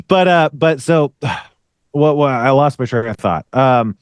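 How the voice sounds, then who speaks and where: A male podcast host rants in loose, rambling casual chat, peppered with swearing. His voice sits high for a man, and the recording is dry and close, with no room sound. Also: lively intonation, takes it slowly, smooth, no echo. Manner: rambling, profane, ranting.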